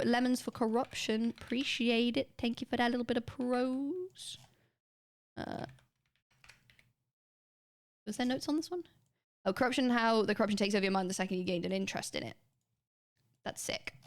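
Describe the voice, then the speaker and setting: Chatty young woman streamer. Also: a little high. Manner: rambling, restarts sentences, quick laughs. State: slightly sore throat. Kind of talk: casual chat with viewers.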